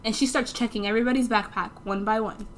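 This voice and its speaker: A woman's voice: a little high, steady tone, fast, a little hiss or hum. A teenage girl telling a story in a casual vlog, chatty and full of "like" fillers, acting out the dialogue as she goes. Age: teens. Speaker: storytime vlogger.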